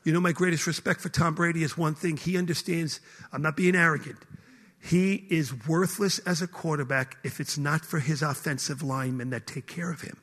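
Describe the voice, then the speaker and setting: A man preaching a passionate sermon to a room full of people, swinging between shouted declarations and hushed, intimate lines. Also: fairly high pitch, steady tone, a little fast, husky. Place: hall with a live audience.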